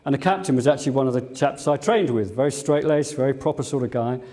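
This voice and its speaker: A man's voice: medium pitch, fast, mellow. An older English man, a former airline captain, giving a museum talk full of fond anecdotes and fillers. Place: museum lecture room.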